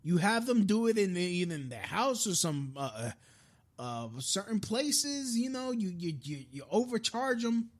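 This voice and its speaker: A man's voice: sits high, sing-song, normal speed. A man hosting a live-streamed podcast, delivering a frustrated, profane political rant with frequent restarts. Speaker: podcast host.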